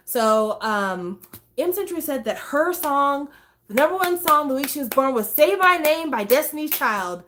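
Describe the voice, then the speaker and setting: A woman's voice: fairly high pitch, a bit bright. A woman hosting a casual talk stream, chatty and swearing, breaking into snatches of songs. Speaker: host. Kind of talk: casual chat.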